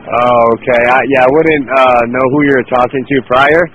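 A man's voice: mid-range voice, fairly even intonation, normal speed, a bit bright. A man working the phone at a poker room, answering a caller politely and sounding puzzled. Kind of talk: phone conversation. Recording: dull lo-fi phone audio with faint noise.

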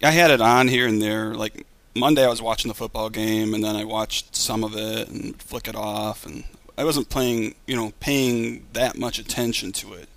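A man's voice: mid-range voice, a bit bright, dry recording. A man hosting a show, chatting casually and rambling easily about what he watched. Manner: rambling, easygoing. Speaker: show host. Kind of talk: casual chat.

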